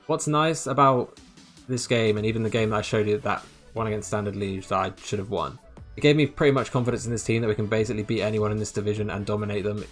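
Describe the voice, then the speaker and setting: A gaming YouTuber with a fairly low voice gives casual, excitable commentary on a football management game. He's chatty, laughs often, and sometimes trips over his words.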